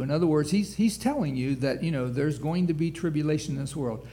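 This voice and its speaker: A man's voice: a little high, normal speed, a little mellow. A man pastor preaching a sermon, reading scripture aloud with rising emphasis and frequent restarts.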